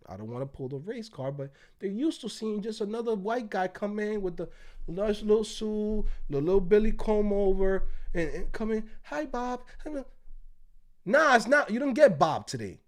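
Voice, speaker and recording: A man's voice: lively intonation, moderate pace. A man hosting a livestream, telling a story in casual, profane, swaggering talk and acting out the other people's lines. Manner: acts out quoted voices in a raised pitch. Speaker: host. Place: Tampa, United States.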